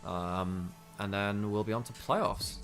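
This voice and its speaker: A man's voice: on the low side, steady tone, slow pace, a bit bright, soft background music. A man from Wales, an esports commentator chatting casually on a stream and mocking himself, talking in a rambling way with lots of fillers. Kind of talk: casual chat during a stream break.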